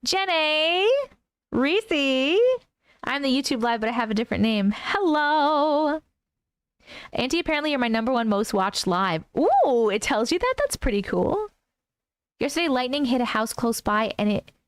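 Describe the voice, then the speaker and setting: A woman's voice: high-pitched, very animated, a little slow, clean tone, no room sound. A woman hosting a casual livestream at home, reading viewer comments aloud, easily spooked and laughing often. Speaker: host reading viewer stories. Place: home room.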